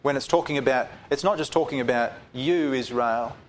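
Man, Bible teacher, mid-pitched voice, emphatic scripture reading, casual explanations, faint room ambience. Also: a little fast, slight background noise.

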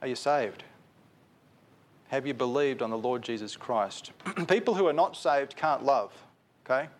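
A man's voice: medium pitch, measured pace. Earnest male preacher. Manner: earnest, repetitive, direct questions to listeners. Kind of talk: sermon.

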